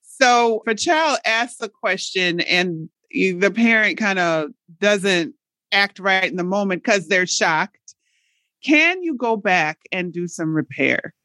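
A woman's voice: mid-range voice, animated, slow, pushed and bright, no room sound. A woman hosting a radio interview, asking questions and thanking her guest in a friendly, appreciative way. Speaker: radio host. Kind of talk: interview and show outro.

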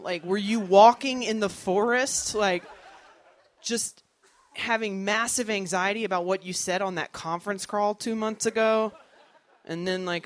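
A stand-up comedian in their thirties telling jokes in an animated way and acting out other people's voices. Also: mid-range voice.

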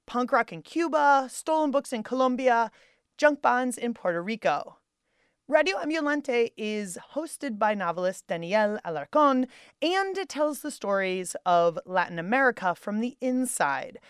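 A woman's voice: big pitch swings, measured pace, clear, resonant tone, no echo, clean studio sound. A woman hosting a podcast show in a bubbly, playful radio manner. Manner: bubbly and playful, with big swoops in pitch.

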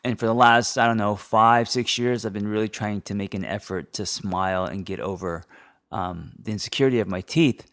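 A man's voice: on the low side, moderate pace, a bit bright. A man in his forties from Los Angeles with a slight lisp from braces, hosting a casual, rambling podcast monologue full of ums. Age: 40s. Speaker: therapist and podcast host.

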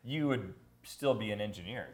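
A man's voice: on the low side, moderate pace, darkish tone, roomy sound. A man who is a podcast guest and chats casually, telling wry, self-mocking stories. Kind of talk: casual chat.

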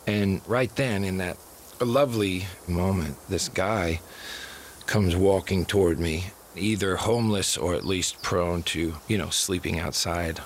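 Low gravelly man telling a wry story. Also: a little slow, slight background noise. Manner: dry, wry, self-deprecating delivery. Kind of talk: comic storytelling monologue.

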